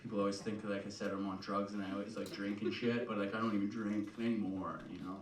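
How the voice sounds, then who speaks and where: A man's voice: lowish voice, flat delivery, fast. A man from Canada doing a profane, rambling stand-up set, tagging his lines with "right?" and "you know?". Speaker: stand-up comedian. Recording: echoey live room, mic heard from a distance, loud noise. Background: loud audience laughter.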